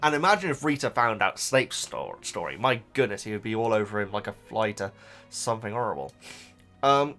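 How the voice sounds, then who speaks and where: A young man talks through a book he is reading in a loose, rambling way, trailing off and circling back to his point. He laughs at himself often, and his voice swings high and low when he gets excited. Faint music plays softly under him. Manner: rambling, halting, self-interrupting, laughs often. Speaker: book reaction host. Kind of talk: casual reading reaction.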